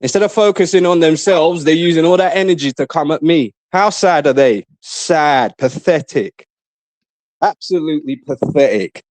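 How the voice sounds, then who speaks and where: High-voiced taunting man. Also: moderate pace, darkish tone, no echo. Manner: taunting, trash-talking, boastful; repeats himself, mocking. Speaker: live stream guest. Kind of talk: casual stream chat.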